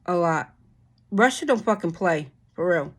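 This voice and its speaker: A woman's voice: lowish voice, lively intonation, measured pace. A woman hosting her channel, reading a bill aloud and cursing at it in exasperated commentary, with frequent sighs and restarts. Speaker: channel host.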